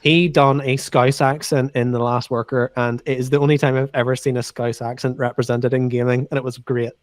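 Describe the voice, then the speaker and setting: A man's voice: medium pitch, level tone, brisk, no room sound, clean studio sound. Teasing man co-host. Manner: opinionated, teasing. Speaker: podcast co-host. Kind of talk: casual chat about games.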